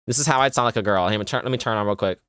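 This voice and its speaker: A man's voice: lowish voice, very fast, a bit bright, clear, resonant tone, no echo. A young man streaming live, chatting loosely with lots of "like" while reacting to clips. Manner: casual, rambling, filler-heavy.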